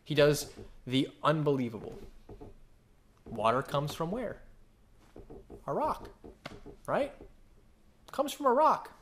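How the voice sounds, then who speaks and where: A man preaching a sermon, animated and full of questions he answers himself, sometimes acting out voices. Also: slow, pauses often, a little hiss or hum. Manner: animated, acts out quoted voices with big pitch jumps; asks the congregation questions and answers them. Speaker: pastor.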